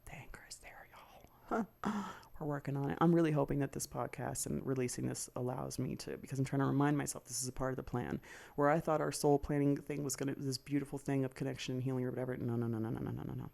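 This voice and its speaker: This woman's voice is a dark, creaky bass with flat delivery. As a podcast host she shares a candid personal story, swearing freely, venting heated anger and briefly imitating other people's lines.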